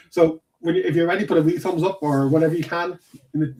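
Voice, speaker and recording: A man hosting a casual film chat, relaxed and often giving short agreeing replies. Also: a little high. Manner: relaxed, brief agreeing interjections. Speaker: host.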